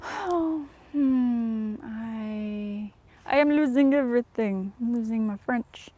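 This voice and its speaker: A woman vlogger chatting casually to viewers, soft-spoken and often dropping to a whisper, self-deprecating. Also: fairly high pitch, slow pace.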